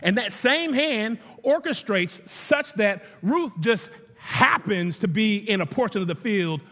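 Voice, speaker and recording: High-voiced pastor preaching in a reverberant hall. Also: male voice, expressive, unhurried, fairly bright tone. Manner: conversational preaching with emphatic repetition. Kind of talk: sermon.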